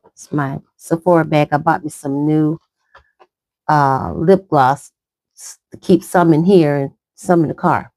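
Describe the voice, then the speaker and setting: A woman's voice: low-pitched, measured pace, darkish tone, no room sound. A middle-aged woman rambling chattily through a makeup tutorial, talking as she applies it. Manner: rambling, chatty, talks while applying makeup. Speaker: makeup vlogger. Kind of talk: casual makeup tutorial chat.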